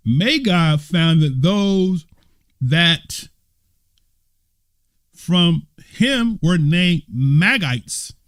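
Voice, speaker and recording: Teaching a bible study in a conversational style, a man who is an elder in his congregation reads passages and quizzes his listeners, struggling to stay composed through bouts of laughter. His voice is a little high and expressive, clean, extremely slow, and broken by long pauses.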